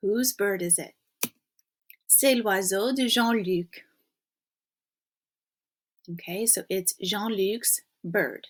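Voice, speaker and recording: A woman's voice: medium pitch, takes it slowly, long pauses. Patient woman teaching a lesson. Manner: patient, prompts students to guess, many okays. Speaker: French teacher. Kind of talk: recorded classroom lesson.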